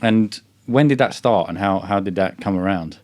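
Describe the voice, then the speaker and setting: A male podcast host with a lowish voice chats casually with his guest. He keeps things easy with short agreeing replies and frequent laughter. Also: normal speed, darkish tone. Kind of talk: casual chat.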